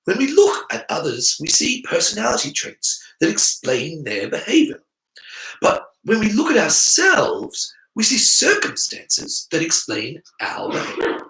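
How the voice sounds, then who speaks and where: A man's voice: high voice, huge pitch swings, a little slow, vocal fry, sharp tone, echoey room, voice pushed up, exaggerated voice, low-quality recording. A man voicing an earnest, analytical boy wizard who explains things in a lecturing way. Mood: explaining.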